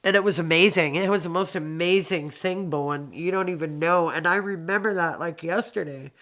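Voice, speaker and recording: A woman's voice: fairly low pitch, a little fast, fairly bright tone. A woman, giving heartfelt personal testimony, often repeating phrases and restarting sentences. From Canada. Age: 60s. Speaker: interviewee sharing her life story.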